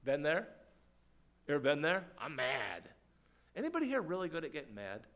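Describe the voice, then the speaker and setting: A man preaching a sermon as pastor, questioning the congregation and swinging between quiet, slow prayer and loud, emphatic points. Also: on the high side, wildly swooping pitch. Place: church.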